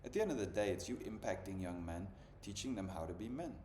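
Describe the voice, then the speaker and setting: A man's voice: sits low, lively intonation, fast, darkish tone. A man in his thirties hosting a podcast, chatting casually in a loose, slangy way full of "bro" and "dude". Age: 30s. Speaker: podcast host. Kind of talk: casual chat. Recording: echoey room with faint ambient noise.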